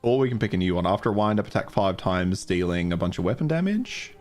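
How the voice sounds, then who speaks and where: A chatty man with a mild Australian accent, streaming a game and thinking aloud as he plays. His voice is low but swings widely, and he laughs easily. Faint game music plays behind him. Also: very animated, quick pace, darkish tone. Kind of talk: casual live-stream commentary.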